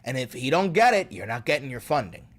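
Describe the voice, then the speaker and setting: A man's voice: mid-range voice, sing-song, fairly quick. A man hosting an online political commentary show, reading news aloud and ranting about it with sarcastic, profane outbursts.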